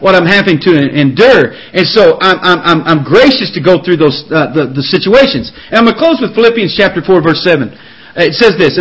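A man's voice: high-pitched, a bit bright, low-quality recording. A man preaching a sermon, reading scripture aloud and calling out to his listeners to listen. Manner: emphatic, repeats phrases, reads scripture aloud slowly; often calls out "folks, listen".

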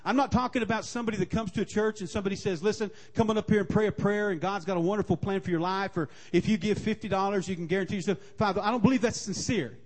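A man preaching a sermon, repeating his key lines and building to forceful emphasis. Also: high-pitched, steady tone, racing, few pauses.

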